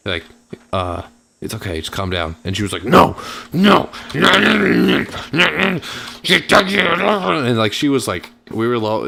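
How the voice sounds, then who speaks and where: Fairly low in pitch with a fairly bright tone, this male gaming channel host casually rambles through a lengthy story while playing. He leans heavily on fillers and performs other people's lines as he quotes them.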